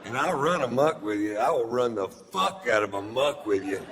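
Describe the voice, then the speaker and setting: A middle-aged man, doing a stand-up set with drawling, deadpan storytelling and crude punchlines. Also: medium pitch, moderate pace. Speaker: stand-up comedian. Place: large theater stage with audience laughter. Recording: live hall recording with long reverb and audience noise.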